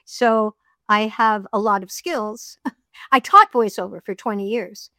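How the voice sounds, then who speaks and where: In a relaxed interview, a middle-aged voiceover artist and audiobook narrator tells chatty stories and laughs readily. Her medium-pitched voice sounds pushed and bright, captured in a dry, studio-quality recording.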